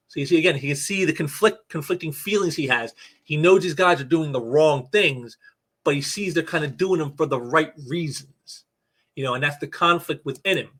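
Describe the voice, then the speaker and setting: Male host, casual comic reviewer, bright slightly high voice, rambling delivery with repeated words. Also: brisk. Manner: reads comic dialogue aloud in a lightly acted voice. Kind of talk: casual commentary reading comic panels.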